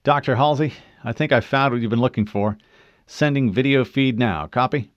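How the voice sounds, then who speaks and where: A man's voice: medium pitch, normal speed, dry recording, lo-fi sound, voice pushed up, close to an everyday voice. A man reading an audiobook, voicing a disciplined armored soldier who speaks in terse, level radio calls. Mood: alert, terse. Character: disciplined male armored soldier, calm leader. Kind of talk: audiobook character voice.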